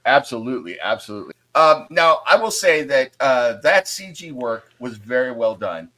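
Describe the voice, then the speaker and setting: A man's voice: mid-range voice, big pitch swings, moderate pace, sharp tone, low-quality recording. A man co-hosting a podcast in casual chat, easygoing and chatty, laughing at himself. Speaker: podcast co-host.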